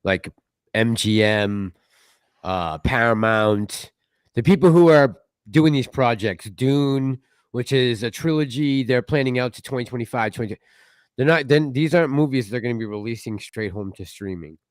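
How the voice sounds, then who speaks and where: A man's voice: mid-range voice, moderate pace, clean tone, no room sound. Tipsy man with a Boston accent. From Massachusetts. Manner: rambling, laughs easily. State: tipsy from tequila. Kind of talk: casual late-night live stream chat.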